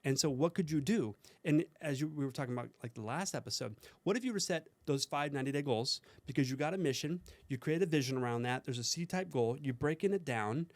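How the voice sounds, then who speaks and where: A man's voice: a little high, fast, few pauses, no echo. Earnest motivational man, dry sound. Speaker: podcast guest, mindset coach. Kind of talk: casual podcast conversation.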